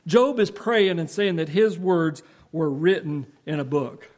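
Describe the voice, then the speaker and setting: High-voiced man preaching earnestly. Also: animated, a little mellow. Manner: earnest, emphatic, with rhetorical questions; reads scripture slowly in old-fashioned English. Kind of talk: sermon reading and explaining scripture.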